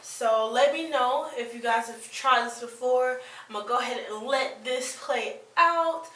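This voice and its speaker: A woman talks through a casual product review in a chatty, rambling way, often restarting and filling pauses. Her voice sits a little high. She sounds set back from the mic in an echoey room. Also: fairly bright tone, recorded from a distance. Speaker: beauty vlogger.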